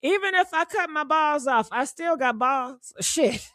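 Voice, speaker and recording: A woman hosting a livestream, ranting loudly and fiercely, swearing and talking straight to her viewers. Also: sits high, lively intonation, measured pace, no echo. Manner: loud, fiery, swearing, talks straight to viewers. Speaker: livestream host. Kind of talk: heated livestream rant.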